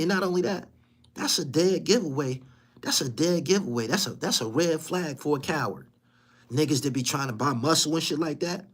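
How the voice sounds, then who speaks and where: A man's voice: expressive, brisk, slightly rough. Profane, fiery New man ranting. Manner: profane, mocking and confrontational, repeats lines for emphasis; swings from loud high outbursts to low muttered asides. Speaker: podcast host. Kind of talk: heated rant.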